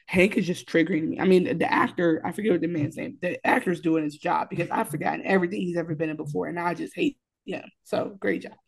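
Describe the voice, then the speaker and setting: A woman co-hosting a casual podcast recap of a TV episode, animated and profane, acting out what the characters say. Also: on the low side, fast, vocal fry, few pauses, slightly rough. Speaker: podcast co-host.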